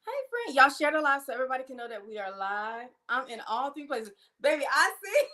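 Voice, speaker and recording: A middle-aged woman, hosting a casual livestream and warmly greeting viewers by name. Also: high-pitched, quick pace, slight background noise. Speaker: livestream host.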